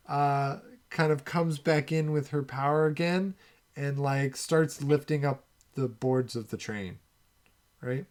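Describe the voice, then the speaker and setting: Man chatting loosely about a film. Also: a little high. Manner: relaxed, thinking aloud with many fillers. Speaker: podcast co-host. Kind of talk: casual film discussion.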